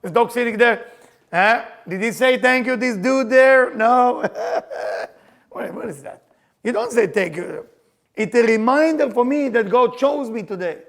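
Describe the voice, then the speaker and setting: A man's voice: extremely high pitch, expressive, measured pace, gravelly, fairly bright tone. An older man teaching a Kabbalah class, emphatic, repeating his questions, with non-native English grammar. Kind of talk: spiritual class lecture.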